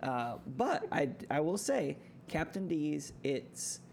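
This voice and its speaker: A man with a gravelly voice co-hosting a podcast, talking in a hesitant, stop-start way. Faint background noise runs under his voice. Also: on the high side, very animated, takes it slowly, a little mellow. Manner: hesitant, restarts often. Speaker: podcast co-host. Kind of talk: casual chat.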